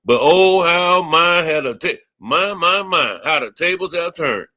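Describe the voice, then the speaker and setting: A man's voice: a little high, expressive, measured pace, pushed and bright. A man hosting a livestream, ranting angrily with heavy profanity and repeated phrases. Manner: angry, profane, repetitive. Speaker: livestream host.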